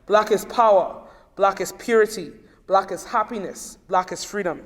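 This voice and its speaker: High-voiced young man declaiming poetry. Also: normal speed, fairly bright tone. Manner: proud, declamatory delivery. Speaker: student poet. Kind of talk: spoken-word poetry reading. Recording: long reverb in a large room.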